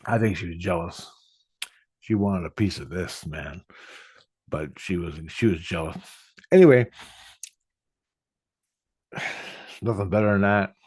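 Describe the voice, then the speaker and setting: Low-pitched, husky and a little mellow, this middle-aged man speaks at a slow pace with long pauses and no echo. He's a spiritual vlogger recounting his spiritual experiences in a blunt, profane, meandering way.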